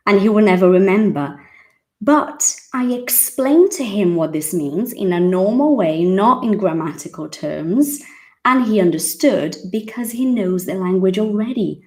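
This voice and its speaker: A woman's voice: medium pitch, a little mellow. A woman in her thirties from Brazil, teaching English in a chatty, emphatic monologue and acting out the voices she quotes.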